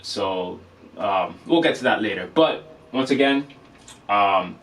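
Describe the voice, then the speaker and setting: A man's voice: on the low side, takes it slowly. Laid-back man teaching a drum lesson. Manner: relaxed, filler-heavy, says "okay?" often. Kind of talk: casual video lesson. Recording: distant mic with faint noise.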